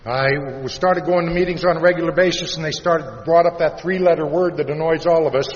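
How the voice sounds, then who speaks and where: A man from Iowa giving a plain-spoken personal recovery talk to a live audience, turning soft and slow on the heavy parts. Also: fairly high pitch. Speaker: recovery meeting speaker. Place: large convention hall. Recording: dull, reverberant hall recording with faint hiss.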